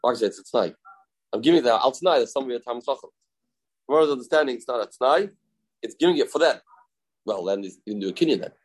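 A man's voice: mid-range voice, lively intonation, fast talker, long pauses, slightly rough. Man teaching a Talmud page. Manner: repeats phrases, mixes English with Hebrew and Aramaic terms. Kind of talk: explaining a Talmud page aloud.

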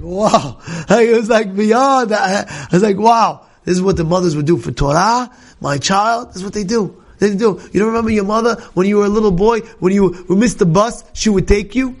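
A man leads a Torah class for students in the room, passionately telling stories peppered with Hebrew and Yiddish terms. His lively delivery erupts into shouting at the climactic moments of this impassioned storytelling lesson.

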